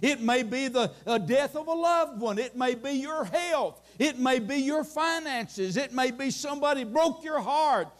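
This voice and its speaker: A man's voice: extremely high pitch, a little slow, few pauses. A man, preaching a folksy sermon and quoting scripture. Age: late 60s. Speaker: pastor.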